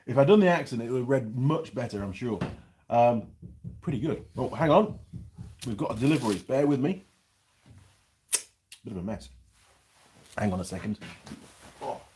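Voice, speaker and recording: A man's voice: medium pitch, expressive, normal speed, long pauses, mellow, a little hiss or hum. A middle-aged man hosting a casual vlog, chatting in a rambling way and reading out viewer comments while he eats. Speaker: channel host reviewing pies. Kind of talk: casual live-chat vlog.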